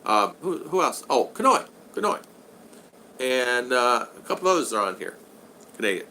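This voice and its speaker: A man in his sixties with a bright, forward voice hosts a relaxed live stream from home. He chats loosely, answers his viewers and teases his regulars. A faint hiss sits under the recording. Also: medium pitch, normal speed. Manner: chatty, reads out and answers viewer comments, friendly teasing. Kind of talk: casual live-stream chat. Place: at home in the Philippines.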